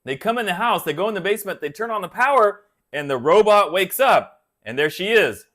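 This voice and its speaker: A man hosts a guitar channel in a loose live-stream chat. His voice sits a little higher than most men's. He rambles and loses track of what he was saying. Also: lively intonation, fairly quick, a bit bright.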